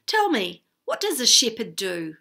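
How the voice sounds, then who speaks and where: A woman's voice: fairly high pitch, huge pitch swings, a little slow, creaky, pushed and bright, exaggerated voice. A woman doing a spoilt, scheming young princess. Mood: bossy excited. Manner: sweet, bossy and mock-innocent. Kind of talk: storybook read-aloud.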